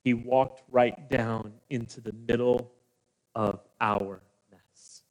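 A man's voice: steady tone, slow. A preaching man in an echoing hall. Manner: dynamic preaching, voicing Jesus in a low hushed tone, rousing the congregation. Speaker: pastor. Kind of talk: sermon. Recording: long hall reverb.

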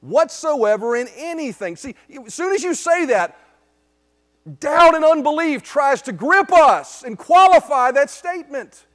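Male pastor with a very high voice, preaching emphatically and often asking the room "right?". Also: animated, a little slow, a bit bright. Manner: emphatic, with frequent rhetorical "right?" checks. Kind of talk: sermon. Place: church service.

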